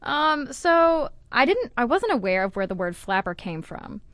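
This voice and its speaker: A woman's voice: sits high, big pitch swings, normal speed, fairly bright tone, no echo. Chatty woman podcast co-host, wry. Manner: chatty, reads out quotes, wry asides. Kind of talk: casual history podcast chat.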